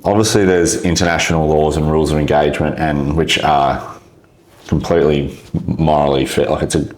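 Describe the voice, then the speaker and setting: A man's voice: very deep voice, steady tone, a little fast, darkish tone, reverberant. A man hosting a podcast, giving short backchannel replies and asking loose, rambling questions. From Australia. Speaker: podcast host. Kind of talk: casual interview chat.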